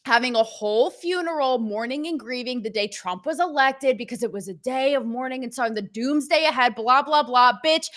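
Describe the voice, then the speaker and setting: Brief: young adult woman co-host, mocking and sassy, bright tone. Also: sits high. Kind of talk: opinionated political chat show.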